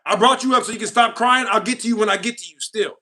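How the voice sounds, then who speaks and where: Young male livestream host; high, bright voice; mocking, ranty casual chat. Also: quick pace.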